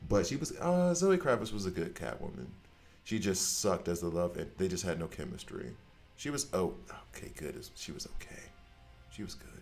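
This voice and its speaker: A man hosting a gaming channel, talking in a blunt, animated rant that swears casually and trails off mid-thought. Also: sits low, moderate pace, gravelly, soft background music. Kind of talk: casual ranting chat.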